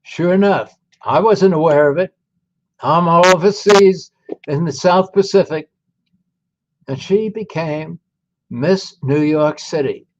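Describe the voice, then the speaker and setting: A man in his nineties, a veteran telling his life story to an audience in a slow, deliberate, folksy way. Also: a little high, highs cut off, a little hiss or hum. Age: 90s.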